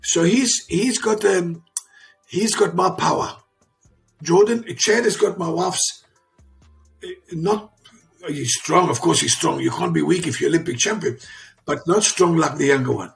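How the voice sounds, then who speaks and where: Man in his sixties, interview guest. Raspy, fairly high voice, emphatic and repetitive. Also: measured pace, soft background music. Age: 60s. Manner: emphatic and repetitive, restarts sentences. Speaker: interview guest, father of a champion. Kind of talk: emotional storytelling in conversation.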